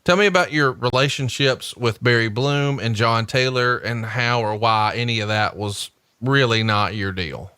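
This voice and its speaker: A man's voice: mid-range voice, moderate pace, few pauses, pushed and bright, smooth, no echo, clean studio sound. A man co-hosting a casual podcast, teasing and profane, reading passages from a book aloud. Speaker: podcast co-host.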